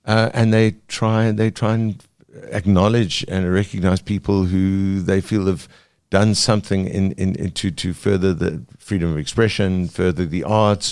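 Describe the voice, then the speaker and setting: A cartoonist as a podcast guest, talking thoughtfully with many fillers and restarts. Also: male voice, low-pitched, a little mellow, no echo, studio quality. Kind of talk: podcast interview.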